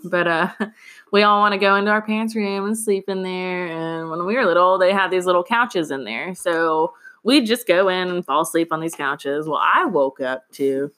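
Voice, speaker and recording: A woman co-hosting a podcast in casual chat, a little raspy today, telling stories and laughing often. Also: lowish voice, normal speed, fairly bright tone. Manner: laughs often, chatty storytelling. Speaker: podcast co-host.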